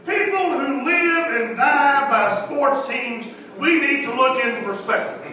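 High-voiced folksy preacher in echoey hall. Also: male voice, takes it slowly, bright, forceful tone, recorded from a distance, slight background noise. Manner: folksy, emphatic, repeats phrases. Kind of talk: sermon. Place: church meeting room.

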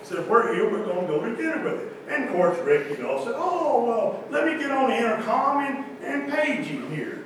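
A man telling a humorous story to a church audience in a folksy, animated way. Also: extremely high pitch, moderate pace, few pauses, a little hiss or hum. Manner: folksy, animated, Southern-style "y'all" talk with quoted voices. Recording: echoey hall, distant mic.

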